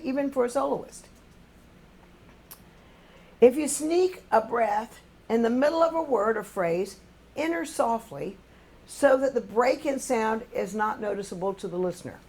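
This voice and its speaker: A woman's voice: a little high, a little mellow. An older woman, a choir music director, patiently explaining musical phrasing to a singing class and humming short examples.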